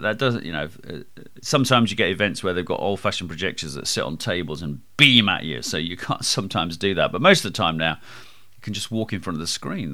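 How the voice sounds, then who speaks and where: Booming, lively man giving advice. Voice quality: projecting, booming voice. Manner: lively, emphatic, varies pace and loudness for effect. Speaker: podcast host. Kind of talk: presentation skills advice podcast.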